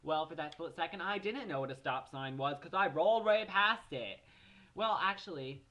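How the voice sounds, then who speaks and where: A man's voice: fairly high pitch, moderate pace, highs cut off. A seventeen-year-old young man from New Jersey, ranting animatedly and profanely in a casual vlog. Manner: animated, profane, exasperated storytelling. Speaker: vlogger.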